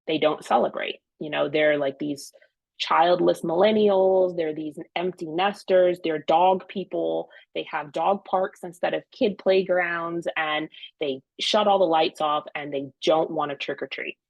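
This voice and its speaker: Podcast host, female, husky tone, lowish voice, animated storyteller. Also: a little slow, dry recording, rough recording. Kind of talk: casual podcast chat.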